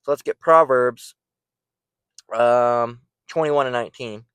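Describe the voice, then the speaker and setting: A man's voice: medium pitch, slow pace, fairly bright tone, clean tone, no echo. A man giving an informal, blunt preaching rant, profane and repeating words as he gets worked up. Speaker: online preacher.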